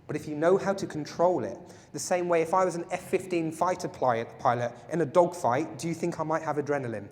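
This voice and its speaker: A man's voice: on the high side, brisk, hardly any pauses. A man teaching a self-defense workshop, playful and jokey, often asking the audience questions. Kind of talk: live workshop lecture to a group. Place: large hall with an audience. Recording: echoey hall.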